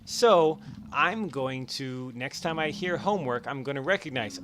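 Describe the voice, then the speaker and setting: A man explaining psychology in a casual, animated way over gameplay, acting out his own thoughts in quick bursts. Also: medium pitch, background noise. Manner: animated, acts out his own inner voices. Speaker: educational YouTuber.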